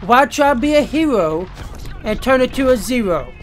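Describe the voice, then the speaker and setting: Soft music plays behind a man with a very high voice and big pitch swings, speaking at a moderate pace. He's a gaming YouTuber narrating his gameplay, swearing and venting as frustration builds, then speaking straight to his audience.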